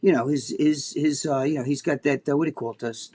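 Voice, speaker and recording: A man's voice: on the high side, steady tone, fast, a little mellow, breathy edge. A man co-hosting a casual chat show, telling a long, rambling story full of swearing. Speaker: co-host.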